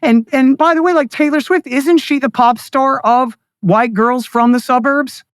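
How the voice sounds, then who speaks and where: A man's voice: very high voice, normal speed, clear, resonant tone, no echo, studio quality. A man speaking as a guest in a political interview, ranting with sarcasm and scorn. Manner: mocks others in put-on voices. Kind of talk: heated political interview talk.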